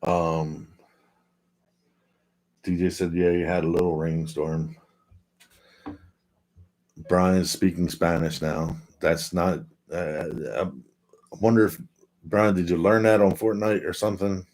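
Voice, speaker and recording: Deep-voiced man chatting on a livestream. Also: little pitch movement, slow pace, pauses often, darkish tone. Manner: laid-back, rambling, reads chat aloud. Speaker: livestream host. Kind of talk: casual livestream chat reading viewer comments. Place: at home, indoors.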